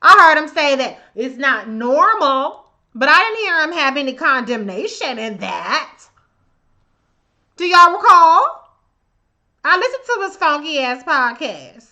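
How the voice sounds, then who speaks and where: This livestream host's voice is high, bright and forceful, with big pitch swings and a measured pace. Doing live political commentary, she calls out viewers by name and rants with heavy profanity and open scorn.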